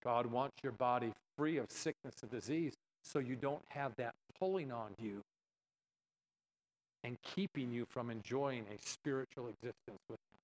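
A man's voice: mid-range voice, normal speed, slight background noise, rough recording. A man preaching a sermon, telling a story and acting out both sides of the dialogue with animation.

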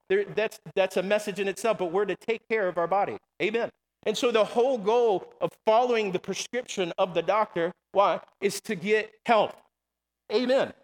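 A man preaching a sermon in a church, calling to the congregation with repeated "come on" and "amen". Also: sits high. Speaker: pastor. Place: church sanctuary. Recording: long hall reverb.

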